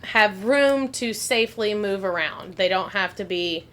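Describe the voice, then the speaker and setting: A woman's voice: medium pitch, expressive, measured pace, a bit bright. A young adult woman co-hosting a podcast in casual chat, with wry, sarcastic remarks. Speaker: podcast co-host.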